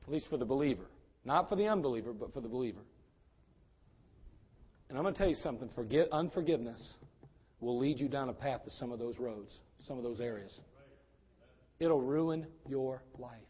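A male pastor preaching a sermon, fiery, swinging from quiet talk to shouting. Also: mid-range voice, animated, quick pace, pauses often, breathy edge, muffled recording.

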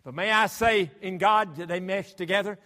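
A man's voice: high voice, normal speed, pushed and bright. A man preaching a sermon, emphatic and full of rhetorical questions to his congregation. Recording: long hall reverb.

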